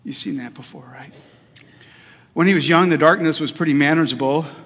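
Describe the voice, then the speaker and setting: A man's voice: a little high, fairly quick, fairly bright tone. A middle-aged male pastor preaching a sermon, telling a personal story in an earnest way with hesitations and restarts. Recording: long hall reverb.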